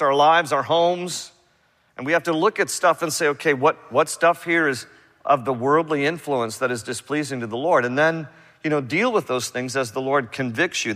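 A male pastor teaches through a passage in a relaxed, animated way, tossing in casual asides between verses. His voice is bright and forceful, and it rings out with a long reverb through the church sanctuary. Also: fairly high pitch. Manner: conversational, animated preaching with quick asides. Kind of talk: verse-by-verse sermon.

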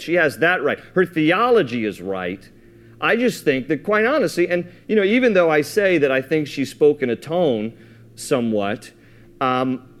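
A man preaching a sermon, reading scripture aloud and explaining it in a casual, thinking-aloud way with frequent restarts. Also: medium pitch. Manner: reads scripture aloud, then explains it conversationally; repeats and restarts words while thinking aloud. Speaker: pastor.

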